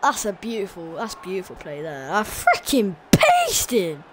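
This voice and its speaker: Excitable woman gaming live. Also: mid-range voice, unhurried, very noisy. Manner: excitable, talks to the screen. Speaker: gamer. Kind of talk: live gameplay commentary.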